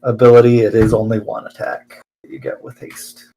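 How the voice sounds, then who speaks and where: A man's voice: fairly low pitch, level tone, a little fast, warm tone, a little hiss or hum, poor audio. A man playing a tabletop game, giving matter-of-fact reminders about the rules. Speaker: player. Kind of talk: casual tabletop play.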